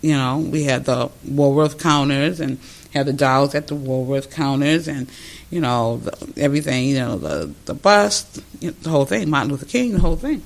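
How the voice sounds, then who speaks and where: An older man who runs a museum, telling stories in an animated, rambling way with many restarts during an interview. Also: medium pitch, moderate pace, vocal fry. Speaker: museum founder. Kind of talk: conversational interview.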